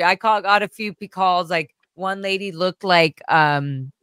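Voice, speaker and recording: A woman hosting a livestream, chatting and telling stories in a rambling, animated way and acting out quotes. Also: fairly low pitch, measured pace, clear, resonant tone, dry recording, studio quality. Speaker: livestream host. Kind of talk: casual storytelling chat.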